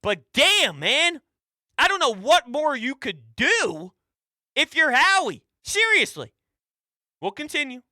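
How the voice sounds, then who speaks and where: Fired-up sports talk host, bright dry voice. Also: male voice, very high voice, sing-song, slow pace, no echo. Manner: emphatic, swings between shouting and quiet asides. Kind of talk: fired-up sports radio rant.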